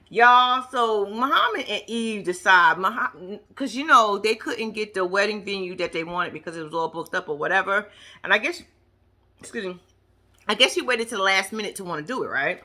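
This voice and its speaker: A woman's voice: mid-range voice, expressive, normal speed, sharp tone. A woman giving a brash, profane, casual recap of a TV episode, talking straight to her viewers. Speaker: reaction vlogger.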